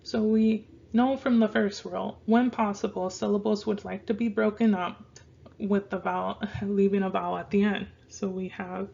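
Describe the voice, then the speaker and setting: A woman teaching a casual online language lesson, slowly repeating words so learners can practice their pronunciation. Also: medium pitch, steady tone, gravelly, dark tone, lo-fi sound. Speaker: Spanish teacher.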